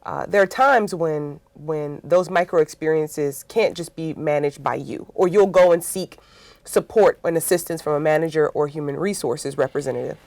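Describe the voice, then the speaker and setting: A woman guest in a conversational interview about workplaces tells animated stories, acting out quotes and often tagging on "right?". Her voice sits low, her pace is moderate, and the recording is dry.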